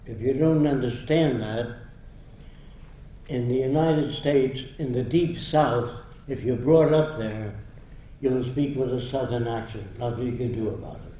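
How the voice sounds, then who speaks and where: A man's voice: medium pitch, a little slow. An older man giving a university lecture in a blunt, emphatic, lecturing manner. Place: lecture hall. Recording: roomy, dull lo-fi hall recording.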